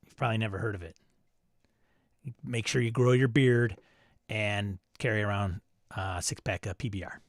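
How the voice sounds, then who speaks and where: A man's voice: lowish voice, fairly even intonation, normal speed, long pauses, no room sound, clean studio sound. A man hosting a live stream, casually reading viewer comments aloud and riffing on them with chuckles. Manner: reads chat messages aloud, chuckling and riffing. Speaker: host of a live stream show.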